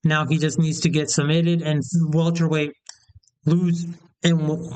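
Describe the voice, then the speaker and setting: A man's voice: on the high side, flat delivery, a little slow, darkish tone, clear, resonant tone, rough recording. A young man giving a heated, rambling opinion rant about fight events, often restarting his sentences. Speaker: MMA commentator. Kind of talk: casual opinion rant to camera.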